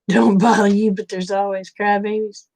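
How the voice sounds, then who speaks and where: A woman from Oklahoma, USA, hosts a livestream, chatting casually with viewers in her Oklahoma accent, telling folksy stories and laughing often. Her mid-range voice has little pitch movement, a darkish tone, and a moderate pace.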